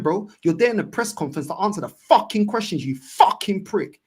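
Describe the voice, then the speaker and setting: A man's voice: high voice, lively intonation, a little fast, hardly any pauses, a little mellow, breathy edge. A man hosting a fan live stream, ranting furiously and swearing over and over. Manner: furious, swearing, repetitive outbursts. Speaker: fan channel host. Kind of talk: angry live-stream rant.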